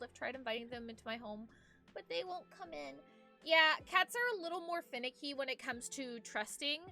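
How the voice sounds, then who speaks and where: A young woman with a high, bright voice chats casually with viewers from home, rambling along and reading their messages aloud. Faint music plays softly underneath. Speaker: streamer. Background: faint background music.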